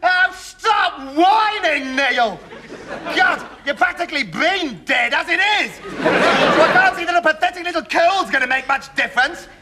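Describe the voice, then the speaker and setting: This is a pompous young student anarchist, and he talks in a very high, shrill voice. He whines and shouts as if he is always the wronged one. Loud studio audience laughter and heavy noise fill the background. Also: lively intonation, unhurried, a loud crowd, full character voice. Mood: sneering. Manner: whiny, shouty, self-righteous. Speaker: sitcom character. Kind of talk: sitcom acting before a live audience.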